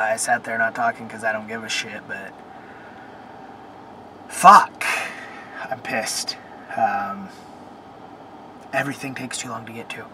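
A man's voice: mid-range voice, noisy background. A young man venting in a casual vlog, cursing often and rambling with fillers while he sits in his car. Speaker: vlogger. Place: in a car at a car wash.

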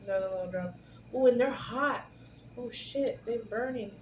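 A woman's voice: fairly high pitch, normal speed. A woman hosting a casual food-tasting vlog, chatty and giggly, talking straight to her viewers. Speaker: vlog host. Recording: echoey room with faint hiss.

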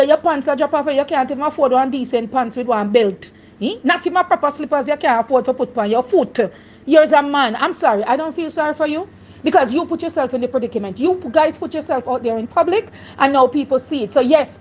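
A woman's voice: high voice, a little mellow, muffled recording, a little hiss or hum. A woman with a Jamaican accent scolds someone emphatically, lecturing in a street commentary.

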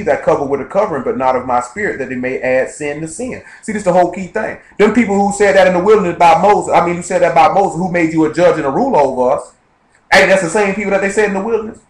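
A man preaches at speed in a casual, conversational way, reading verses and then breaking them down for the people in front of him. His voice sits a little high for a man. The live recording rings with room echo. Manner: rapid, conversational, quotes scripture and checks in with listeners. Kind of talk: informal Bible study sermon. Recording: echoey live-streamed room.

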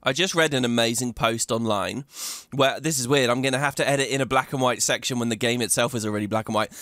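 A man's voice: mid-range voice, quick pace, a bit bright, dry recording, clean studio sound. A man hosting a video game playthrough, chatting away and thinking aloud as he plays, laughing often. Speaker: let's play host.

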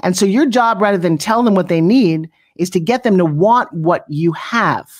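A middle-aged woman coaching people on pitching in an interview, brash and punchy, often slipping into mocking voices. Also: moderate pace. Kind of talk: energetic motivational coaching talk.

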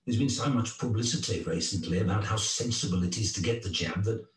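A man playing a doctor in a scripted exam dialogue, speaking in a measured, conversational way. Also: lowish voice, close to an everyday voice. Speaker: GP in a practice recording. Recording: roomy audio played back from far off.

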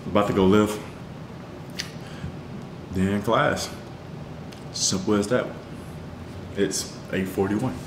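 A man's voice: fairly low pitch, fairly even intonation, slow, pauses often. Young man, casual slangy student vlogger; echoey, noisy phone audio. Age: young adult. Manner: laid-back, slangy, rambling. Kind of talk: casual vlog chat. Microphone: handheld phone. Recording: echoey phone audio with loud background noise.

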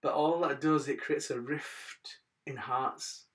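A man, hosting a daily channel and telling a moral story with religious advice in a casual way, often calling his listeners "guys" and letting his phrase ends fall soft. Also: a little high, steady tone, slow, recorded from a distance. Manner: chatty, says "guys" often, trails off softly at phrase ends.

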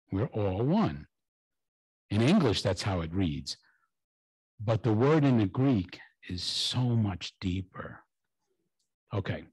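A man's voice: lowish voice, a little mellow, breathy edge, no echo, low-quality recording. A man preaching a sermon in a church, talking to the congregation in a conversational way with joking asides. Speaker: pastor. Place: church sanctuary.

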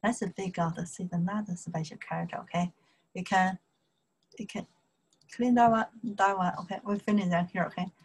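Teaching a laid-back online language class, a woman who speaks Chinese natively and has a Chinese accent pauses often, uses lots of fillers, and says each syllable again along with its tone. Her voice is on the low side, steady and slightly rough, in a rough recording.

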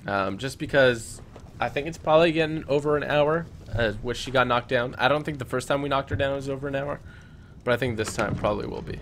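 A man's voice: medium pitch, a little fast, a bit bright, a little hiss or hum. A man hosting a gaming live stream, chatting casually and giving directions while he plays. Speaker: gaming channel host. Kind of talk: casual gameplay chat.

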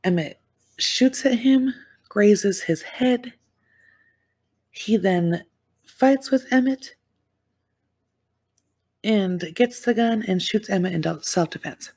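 Slow-talking breathy woman recapping a case. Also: medium pitch. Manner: animated, exclamatory, slangy. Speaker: true-crime show reviewer. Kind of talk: casual recap chat.

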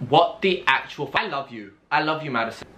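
Camp young british guy ranting about outfits, super lively voice, echoey room w faint music. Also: fairly high pitch, a little fast. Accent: British English. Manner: camp, sassy and theatrical, swings into squeals. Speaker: YouTube commentator. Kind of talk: casual reaction commentary.

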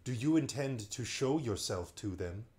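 A man's voice: medium pitch, animated, moderate pace, a little mellow, natural voice. A man doing a sleepy old magician. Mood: genial. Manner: genial, chatty, drowsy. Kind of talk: bedtime story reading.

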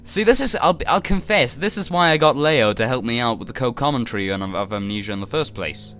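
A man's voice: mid-range voice, expressive, a little fast, pushed and bright. A man commentating a horror game he is playing, jittery and swearing often as he talks to himself. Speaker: let's player.

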